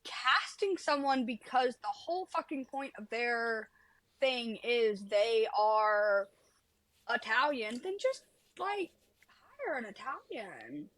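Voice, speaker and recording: A woman's voice: on the high side, animated, slow pace, a bit bright, no room sound, rough recording. A woman co-hosting a casual podcast chat, blunt and rambling, swearing freely. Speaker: podcast co-host.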